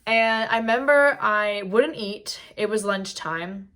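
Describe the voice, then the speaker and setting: Young woman, bright sharp voice, casual storytime vlog, chatty, camera mic at home. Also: mid-range voice, takes it slowly. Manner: chatty, heavy use of "like". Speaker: vlogger.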